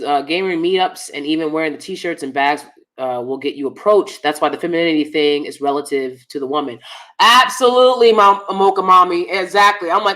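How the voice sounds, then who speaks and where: Woman hosting a chatty stream, lowish voice, emphatic, reads out comments. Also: fairly bright tone. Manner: emphatic, opinionated, repeats herself for stress. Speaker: host. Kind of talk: casual livestream chat, reading viewer comments.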